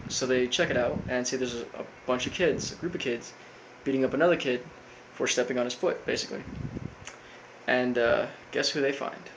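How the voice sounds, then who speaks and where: A man casually recapping a cartoon episode, rambling with lots of fillers and flat quoted lines. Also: medium pitch, background noise. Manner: rambling, full of fillers, quotes characters flatly. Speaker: recap host.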